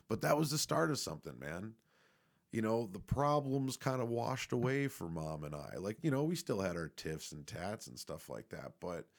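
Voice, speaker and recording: A young man casually telling a rambling personal story, laid-back and swearing often. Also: low-pitched.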